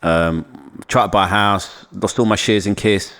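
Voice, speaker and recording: A middle-aged man with a London accent, a podcast guest telling animated stories and laughing as he goes. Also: on the low side, moderate pace. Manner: animated, laughing, swings into voices. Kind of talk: casual storytelling chat.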